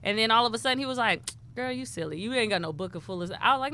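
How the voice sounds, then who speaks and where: A woman from Houston, a rapper and poet telling lively stories as an interview guest and acting out what people said. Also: on the high side, racing, a little hiss or hum. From Houston, Texas. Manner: animated storyteller who acts out quoted dialogue. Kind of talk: casual interview chat.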